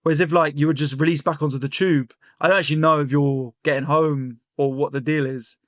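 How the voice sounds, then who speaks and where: Young guy rambling through a story, kinda high voice, dry sound, lots of likes and restarts. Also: a little fast, dry recording. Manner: animated storyteller, many fillers and restarts. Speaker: comedian guest. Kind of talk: casual storytelling chat. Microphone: remote call.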